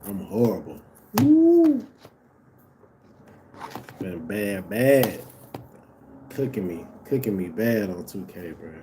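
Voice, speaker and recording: A man's voice: sits low, unhurried, mellow, a little hiss or hum. A man casually commenting on a live basketball game for his stream viewers, laid-back and slangy, talking straight to them.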